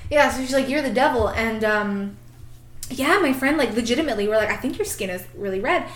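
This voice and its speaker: Young woman, higher voice, giggly, chatty storytelling, echoey room. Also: lively intonation, brisk, over a noisy crowd. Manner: giggly, frequent laughter and "like" fillers. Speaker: podcast co-host. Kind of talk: casual storytelling chat.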